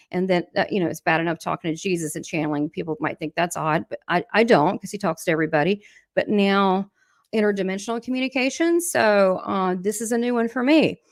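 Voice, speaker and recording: A woman's voice: medium pitch, dry recording, clean studio sound. A middle-aged woman hosting a casual livestream. She is chatty, laughs often and talks straight to her viewers while reading their comments. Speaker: livestream host and spiritual coach.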